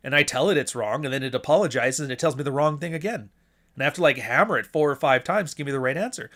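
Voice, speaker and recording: A man's voice: fairly high pitch, very animated, quick pace, fairly bright tone. Blunt, profane man ranting on stream. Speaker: podcast host. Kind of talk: casual livestream monologue.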